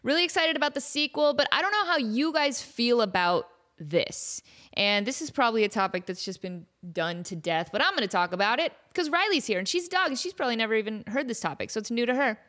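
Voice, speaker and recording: A chatty woman in her thirties hosts a comedy podcast, rambling through a story with lively energy. Her voice sits a bit high for a woman, and she keeps dropping into goofy put-on voices when she quotes people. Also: fast. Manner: chatty, animated, slips into silly voices for quotes. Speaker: podcast host. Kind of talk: casual comedic monologue.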